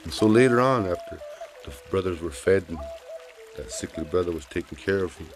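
A man telling a traditional story aloud in a gentle, folksy, unhurried way. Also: low voice.

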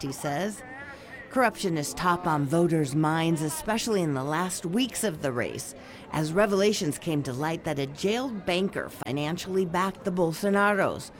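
Lower-pitched woman reporting news. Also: lively intonation, crowd noise. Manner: measured, clear reporting delivery. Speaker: foreign correspondent.

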